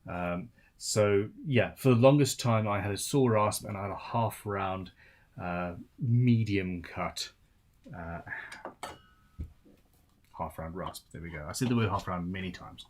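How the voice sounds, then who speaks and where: A man's voice: low-pitched, a little slow. A tired man, hosting a casual live-stream Q&A as a luthier, chatty and rambling with self-deprecating asides.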